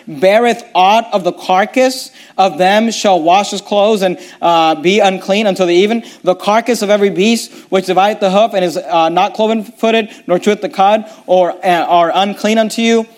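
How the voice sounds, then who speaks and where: High-voiced man teaching scripture. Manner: reads scripture aloud, restarts and stumbles often. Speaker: preacher. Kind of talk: bible teaching sermon.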